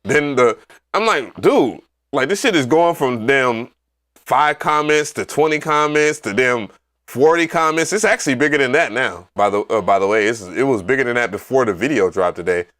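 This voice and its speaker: A man hosting a casual livestream, telling stories in an animated, profane way with loud excited outbursts. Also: medium pitch, normal speed. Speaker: livestream host.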